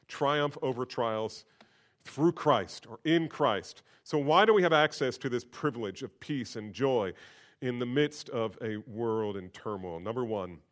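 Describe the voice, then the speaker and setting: Man preaching with shifting emphasis. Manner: shifts from soft, low asides to loud, high emphatic bursts; acts out quoted voices conversationally. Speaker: pastor. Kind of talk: sermon.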